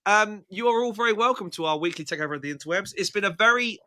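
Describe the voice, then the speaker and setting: A man's voice: sits high, expressive, fast, sharp tone. A British man hosting a live chat show, playful and teasing, laughing often and a little short on sleep. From Britain. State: tired from lack of sleep. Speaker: show host. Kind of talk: casual live-stream chat.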